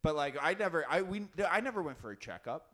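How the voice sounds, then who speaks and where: A man's voice: fairly high pitch, expressive, fast talker, fairly bright tone. A young man co-hosting a casual chat, joking and swearing, laughing often. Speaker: podcast co-host.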